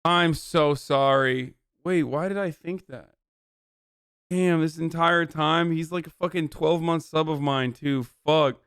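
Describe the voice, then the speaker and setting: Smooth-voiced streamer man, dry and close. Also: a little high, steady tone, unhurried, fairly bright tone, dry recording. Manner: loose, profane, rambling asides to chat. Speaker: streamer host. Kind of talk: casual live-stream chat.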